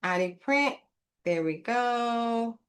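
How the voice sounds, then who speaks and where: A woman's voice: fairly high pitch, expressive, slow, fairly bright tone. A woman casually narrating a craft tutorial, thinking aloud and rambling to her viewers as she works. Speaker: craft vlogger.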